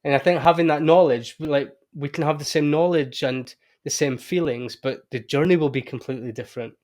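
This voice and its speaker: A man with a slightly high voice hosts a podcast. He talks candidly and reflectively, and he gets animated when he tells his own stories. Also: fairly quick. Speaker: podcast host. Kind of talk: casual conversation.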